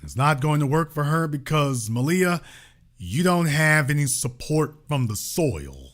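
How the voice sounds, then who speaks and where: A man's voice: fairly high pitch, sing-song, measured pace. A man hosting a political commentary show, delivering an emphatic, sarcastic, colloquial monologue. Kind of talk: opinionated monologue.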